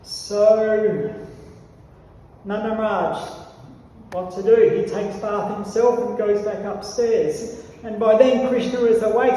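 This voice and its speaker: An older man tells a scripture story in a high, mellow voice, briefly raising it further to plead as a child. He sounds distant, caught in a long, echoing temple hall with faint ambience behind him. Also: steady tone, slow pace, a little hiss or hum. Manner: acts out child's pleading in a higher voice. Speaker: temple class speaker. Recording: echoey hall from far off.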